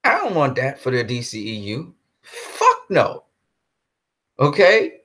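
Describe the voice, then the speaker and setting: A man talks straight to the camera in a loose, unscripted monologue. His bright voice swings widely up and down as he jokes and builds over-the-top rants, tipping easily into laughter. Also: mid-range voice, slow pace. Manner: animated and jokey, often breaking into laughter; exaggerated comic rants. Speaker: movie commentary vlogger. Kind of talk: casual solo monologue.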